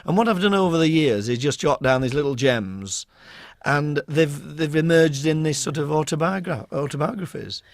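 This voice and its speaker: A man's voice: on the high side, moderate pace, dry recording, studio quality. A man from Rotherham, an author and school inspector telling humorous stories as a radio interview guest, acting out the voices he quotes. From England, Rotherham. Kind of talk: anecdotal storytelling in a radio interview.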